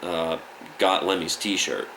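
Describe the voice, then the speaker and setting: Low-voiced man telling a story. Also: slow pace, slight background noise, poor audio. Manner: animated, acts out quoted voices. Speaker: musician guest. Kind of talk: casual storytelling.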